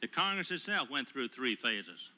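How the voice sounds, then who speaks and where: An older man, a retired admiral, giving prepared testimony at a hearing in a formal, measured way with frequent hesitant pauses, speaking into a table microphone. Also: medium pitch, very animated, sharp tone. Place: hearing room.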